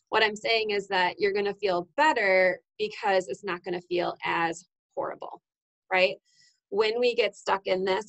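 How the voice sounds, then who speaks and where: Woman in her 30s from iowa doing an earnest motivational vlog chat, lots of "right?" and "um", average pitch. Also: creaky, poor audio. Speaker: wellness vlogger. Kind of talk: casual motivational talk.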